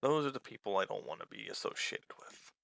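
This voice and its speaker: A man talks through his game in a loose, rambling way, candid and quick to swear. His voice carries a gravelly fry and a bright edge. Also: on the low side, big pitch swings, no echo. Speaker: small YouTuber playing a game. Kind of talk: casual let's-play commentary.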